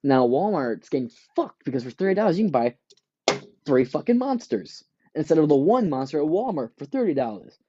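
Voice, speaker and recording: A podcast host, ranting casually and profanely, acting out quick voices for companies and shoppers. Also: male voice, fairly high pitch, very animated, muffled recording, background noise. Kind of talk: casual rant.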